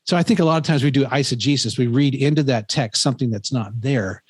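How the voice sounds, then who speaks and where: Talking fast with a breathy edge, a mid-range-voiced professor in his fifties who hosts a podcast recounts a story casually. The recording is dry, and his earnest delivery wanders with many fillers and false starts.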